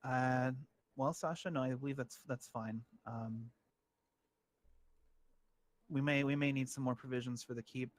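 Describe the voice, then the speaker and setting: A man's voice: mid-range voice, fairly even intonation, measured pace, long pauses. A man playing a tabletop game in an easygoing, stumbling way, speaking his character's lines in his own voice. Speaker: player.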